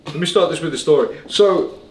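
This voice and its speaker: A man's voice: fairly high pitch, brisk. A man, a DJ chatting casually to camera on tour and telling stories with lots of laughs. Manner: animated storyteller, laughs often. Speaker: DJ vlogging his tour. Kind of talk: casual vlog chat. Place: city streets, hotel and venues on tour. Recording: roomy, noisy on-location sound.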